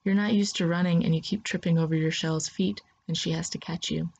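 Husky low woman narrating a story. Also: fairly even intonation, fairly quick, darkish tone, lo-fi sound. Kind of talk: second-person story reading.

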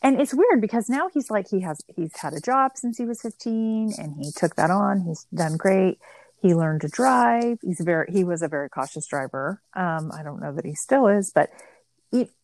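A woman's voice: lowish voice, expressive, normal speed, darkish tone, no echo. Chatty middle-aged woman telling family stories. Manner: chatty, storytelling with many "like" fillers. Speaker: guest mother. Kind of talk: casual conversation.

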